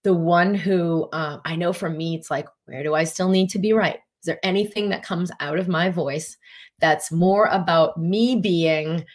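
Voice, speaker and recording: A woman with a fairly low speaking voice gives casual spiritual coaching and answers viewer questions. She keeps slipping into quoted inner voices, jumping sharply higher for them, and alternates quick bursts with slow, stressed words. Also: fairly even intonation. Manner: voices inner thoughts in quoted asides, often rising sharply in pitch. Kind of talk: casual teaching talk.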